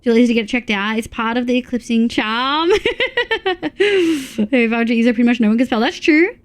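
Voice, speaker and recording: A woman's voice: fairly high pitch, normal speed, smooth. A young woman chatting casually on a live stream, reading chat aloud between laughs. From Australia.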